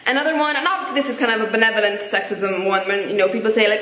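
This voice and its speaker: In a casual vlog recorded in an echoey room, a young Irish woman chats about her opinions, her speech full of filler words. Her voice is on the high side, fast and a bit bright.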